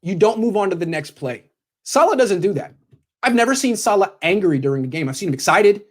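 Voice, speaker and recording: Blunt man lecturing with a lively voice. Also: high voice, fairly quick. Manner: blunt, lecturing second-person address. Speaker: sports commentator. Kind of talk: opinion commentary addressed to a coach.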